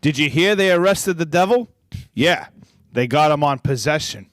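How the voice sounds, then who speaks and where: A man's voice: on the high side, lively intonation, normal speed, fairly bright tone. A man co-hosting a casual podcast, reading corny jokes aloud and laughing at them. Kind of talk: casual chat.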